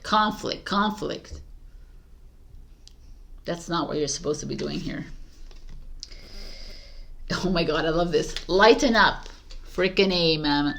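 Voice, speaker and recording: A woman's voice: medium pitch, gravelly, a bit bright. Chatty encouraging woman reading tarot. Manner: chatty and encouraging, with fillers and restarts, laughs often. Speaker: tarot reader. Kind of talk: casual spoken tarot reading.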